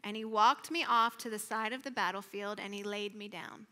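A woman's voice: medium pitch, steady tone, moderate pace, bright, forceful tone, big-room sound. A woman sharing a personal testimony in a sermon at church, earnest and emotional, sometimes sinking to a near-whisper. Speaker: church speaker. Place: church sanctuary.

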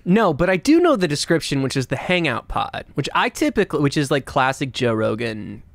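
Man, podcast co-host, gravelly voice, dry close mic, joking loose chat. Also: on the high side, very animated, brisk, dry recording. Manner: joking, loose, trails off mid-sentence.

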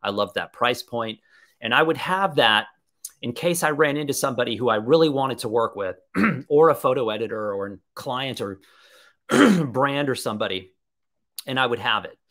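A man's voice: medium pitch, lively intonation, moderate pace, fairly bright tone. A man presenting a live webinar, talking in an enthusiastic, conversational way and answering viewer questions as he thinks aloud.

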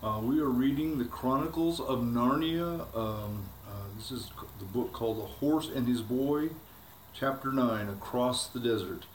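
A man reads a children's chapter book aloud in a plain, steady voice with small slips. His voice is mid-pitched. The room gives a clear echo over a faint hiss. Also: measured pace. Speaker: storybook reader for children.

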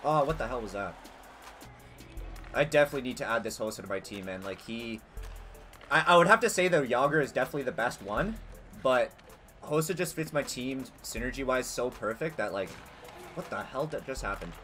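A young man giving casual, excitable gameplay commentary as a gaming channel host, swearing and yelling at big plays. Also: medium pitch, brisk, soft background music. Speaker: gaming youtuber.

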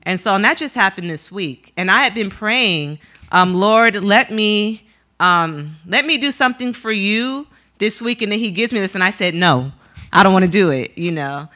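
A woman's voice: medium pitch, animated, moderate pace, pushed and bright. A woman earnestly sharing a personal testimony at church.

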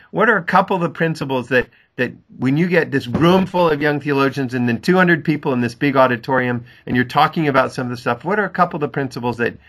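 A man's voice: on the high side, a bit bright. A man interviewing a guest, asking reflective questions and affirming the answers. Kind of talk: conversational interview.

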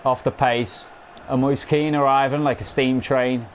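A young man giving casual, sweary commentary on his football game, calling viewers "boys" and shouting when goals go in. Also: mid-range voice, level tone, measured pace, slight background noise. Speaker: gaming commentator.

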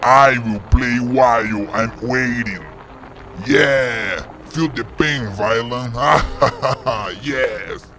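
A gleeful scheming villain from a fan-made game story, voiced by a man, drawing out every word at a crawl. His tone is bright and forceful, full of theatrical cackling. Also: mid-range voice, extremely slow, soft background music, full character voice. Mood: gloating. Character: gleeful scheming male villain brewing a spell.

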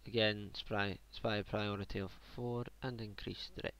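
Low-voiced man muttering through a game. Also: level tone, unhurried, fairly bright tone. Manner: mutters to himself, swears, jokes. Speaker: gamer commentating his own play. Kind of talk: casual let's play commentary.

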